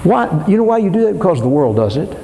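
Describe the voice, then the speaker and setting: An older man preaching a dramatic sermon in a church, swinging between soaring emphasis and low asides. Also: very animated, fast talker, vocal fry, dark tone. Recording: long hall reverb.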